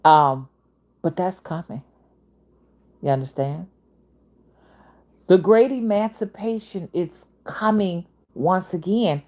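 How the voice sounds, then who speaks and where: A woman's voice: fairly low pitch, expressive, takes it slowly, long pauses, dark tone. A woman in her fifties with a Southern accent, talking in a casual, rambling monologue that jumps between topics. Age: 50s. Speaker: spiritual reader and channel host.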